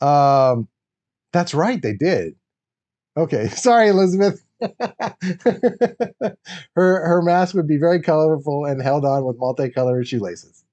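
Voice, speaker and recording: Excitable rambling man with a lively voice. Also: fairly high pitch, a little slow, long pauses, lo-fi sound. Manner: rambling, excitable, laughs often. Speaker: livestream host. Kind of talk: casual chat while building a toy set.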